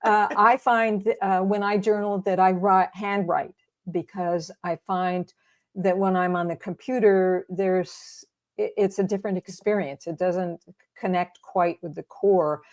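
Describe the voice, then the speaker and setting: A woman's voice: mid-range voice, steady tone, measured pace. A woman guest, a grief coach, explaining her methods in a reflective, casual interview. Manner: reflective, explaining with many fillers.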